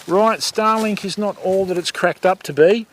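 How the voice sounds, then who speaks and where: An Australian man in middle age talks easily while he fishes outdoors, his voice sitting a little high for a man. He chats with his viewers as he casts, answering them by name and calling them mate. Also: normal speed, a little hiss or hum. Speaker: fishing livestream host. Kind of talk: casual livestream chat while fishing. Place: outdoors by the water.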